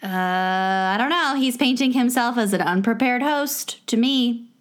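Woman, podcast co-host, slightly high voice, teasing skeptic. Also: a little slow. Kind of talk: casual chat.

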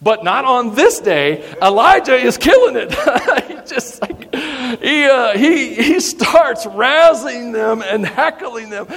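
A male pastor preaching a sermon in an animated, humorous way, teasing his congregation. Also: very high-pitched, takes it slowly. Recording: long hall reverb.

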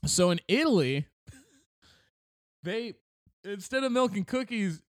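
A man's voice: high-pitched, expressive, takes it slowly, no echo, studio quality. A man co-hosting a casual comedy chat, retelling a legend with goofy voices for its characters and laughing often. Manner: storytelling with silly put-on quotes, laughs often. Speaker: podcast co-host.

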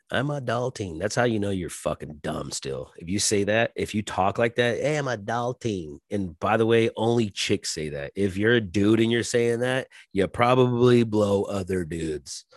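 A man's voice: fairly low pitch, no room sound, studio quality. Crude, rambling man in his forties. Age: 40s. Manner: crude, rambling, swears constantly, mimics voices mid-story. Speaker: podcast host. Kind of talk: casual profane monologue.

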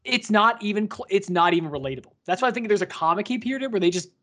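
A man co-hosting a casual podcast about a book, animated and swearing as he retells scenes. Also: high voice, rapid-fire. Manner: animated, swears, acts out quotes. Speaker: podcast co-host.

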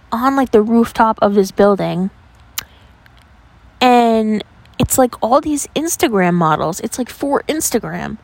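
A young woman from New York tells stories on her podcast in a loose, chatty way. She peppers every sentence with "like" and lets the odd curse slip. Her delivery is animated and conversational. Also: a little high, no echo. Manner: chatty, animated, heavy use of "like", casual swearing. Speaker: podcast host. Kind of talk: casual storytelling.

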